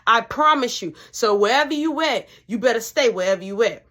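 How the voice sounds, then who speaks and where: A woman voicing a furious mother who yells threats and curses while searching the house for her son. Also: extremely high pitch, very animated, normal speed, pitched above the performer's own voice. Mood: threatening. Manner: loud, threatening, cursing.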